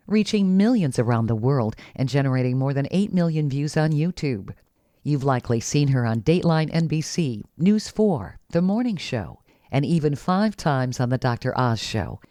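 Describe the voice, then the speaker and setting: A woman hosting a podcast, reading a measured introduction of her guest. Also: low-pitched, dark tone, no room sound, studio quality. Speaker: podcast host.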